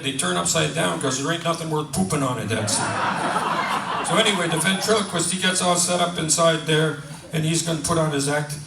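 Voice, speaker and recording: A man's voice: fairly high pitch, gravelly, fairly bright tone. A man telling jokes on stage, rambling and folksy. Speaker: comedian. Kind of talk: stand-up joke telling. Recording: roomy, distant mic, faint noise.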